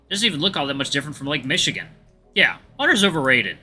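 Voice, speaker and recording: A man narrates a visual novel aloud as a let's play host, breaking off for chatty asides. His voice is very bright and moves a lot in pitch. Faint game music runs underneath. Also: sing-song, fast.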